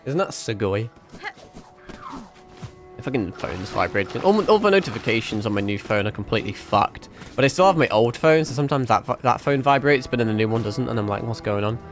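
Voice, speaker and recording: British-born guy streaming a game, rambly sweary chat, mid pitch, faint music behind. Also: expressive, fairly quick. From Britain. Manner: rambling, sweary, self-mocking. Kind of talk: casual gameplay commentary.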